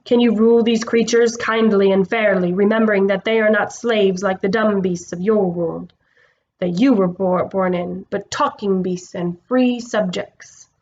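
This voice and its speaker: Woman reading as a grave lion king, measured and slow, mid-pitched, slightly muffled recording. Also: steady tone, darkish tone, natural voice. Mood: solemn. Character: wise, solemn male lion king.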